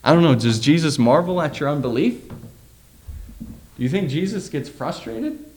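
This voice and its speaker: A man's voice: on the high side, lively intonation, unhurried, darkish tone, a little hiss or hum. A middle-aged man preaching a sermon, reading scripture aloud and then talking it over loosely with fillers and questions to the listeners.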